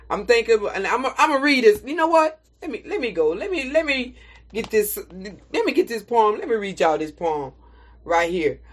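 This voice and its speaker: A woman giving a motivational talk and reciting a poem, speaking deliberately like a preacher and repeating phrases for emphasis. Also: mid-range voice. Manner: slow, deliberate, preacher-like exhortation.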